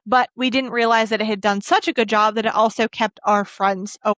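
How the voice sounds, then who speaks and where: Woman, book podcast co-host, casual recap, quoting characters, emotional, slightly high voice, dull dry lo-fi sound. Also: fairly even intonation, a little fast, fairly bright tone, no echo. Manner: emotional, laughs and chokes up while recounting. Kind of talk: casual book recap, retelling scenes with quoted dialogue.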